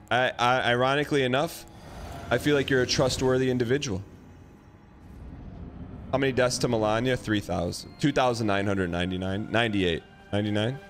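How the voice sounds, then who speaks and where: A man live-streaming a video game, chatting casually and teasing his chat with quick comebacks. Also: medium pitch, a bit bright, slight background noise. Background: game music.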